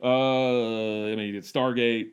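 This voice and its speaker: A man co-hosting a podcast, chatting casually about a film, retelling scenes with animation and breaking into laughter, with halting restarts while he recalls facts. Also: medium pitch, little pitch movement, clear, resonant tone. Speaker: podcast co-host. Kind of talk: casual movie discussion.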